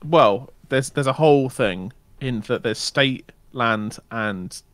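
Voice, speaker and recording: A man co-playing on a game stream, talking in a calm, matter-of-fact way and explaining things plainly. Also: mid-range voice, slow pace, no room sound. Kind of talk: casual chat while gaming.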